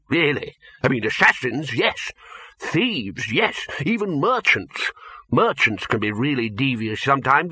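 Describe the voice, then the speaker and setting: A man's voice: medium pitch, pushed and bright, slightly rough, no echo, exaggerated voice. A man doing a fretful rambling wizard bursar. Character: nervous rambling fussy male wizard bursar.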